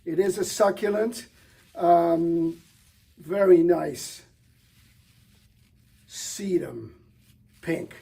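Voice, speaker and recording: Man, middle-aged, florist demo, enthusiastic, higher pitch, husky. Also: drawn-out words, pauses often, warm tone. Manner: enthusiastic, chatty, with fillers and restarts. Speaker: florist presenter. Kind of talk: product showcase demonstration.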